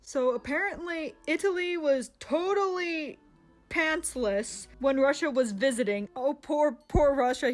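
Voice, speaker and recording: High-voiced woman in excitable commentary. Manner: excitable, sarcastic and animated. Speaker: video creator. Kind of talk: comedic commentary. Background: faint background music.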